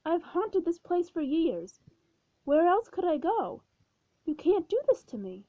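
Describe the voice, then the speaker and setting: A woman voicing a fussy, excitable male ghost who complains indignantly. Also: sits high, a little slow. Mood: whiny. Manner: whiny and indignant. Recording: dull, dry recording.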